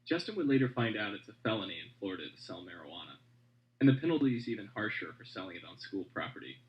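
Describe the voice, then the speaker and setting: A man with a low voice narrates a radio story in a measured, storytelling way, his pitch moving a lot. He also puts questions to an interviewee. The audio sounds muffled and dull. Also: very animated. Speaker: reporter.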